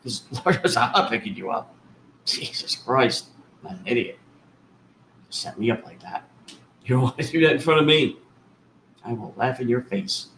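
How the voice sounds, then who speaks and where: Man podcast co-host, mid pitch with gravelly fry, sarcastic banter, faint hiss behind. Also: expressive, normal speed, pauses often, fairly bright tone, poor audio. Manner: sarcastic, profane wisecracks. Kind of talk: casual chat.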